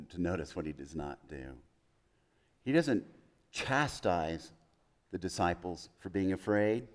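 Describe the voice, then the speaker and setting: A man preaching a sermon as pastor in a chapel, building through emphatic lists and dropping to soft, hushed quotes. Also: on the low side.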